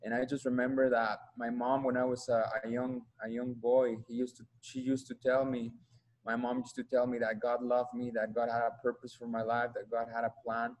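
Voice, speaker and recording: Flat-voiced man with a Mexican accent. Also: mid-range voice, low-quality recording. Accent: Mexican Spanish. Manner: earnest, halting, repeats himself while searching for words. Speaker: guest speaker giving a testimony. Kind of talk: personal testimony.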